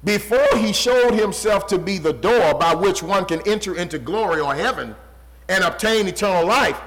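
Pastor preaching a sermon, pretty high voice, punchy repetitive lines. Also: male voice, expressive, normal speed, low-quality recording. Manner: emphatic, repetitive preaching cadence, dropping low and quiet for stress.

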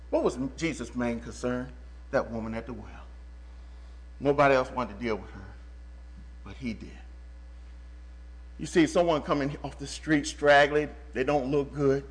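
A man preaching a sermon to his church, animated, stopping the reader to repeat and stress phrases. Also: mid-range voice, moderate pace, long pauses, rough recording.

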